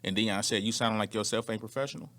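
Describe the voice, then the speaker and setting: A man co-hosting a casual podcast chat, animated, acting out quotes in different voices. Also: fairly low pitch, fast. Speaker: podcast co-host.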